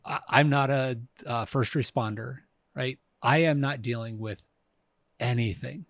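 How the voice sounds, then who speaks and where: Gravelly man in his fifties. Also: mid-range voice, unhurried, no room sound, clean studio sound. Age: 50s. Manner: reflective, frequent restarts and fillers. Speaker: podcast co-host. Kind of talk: casual conversation.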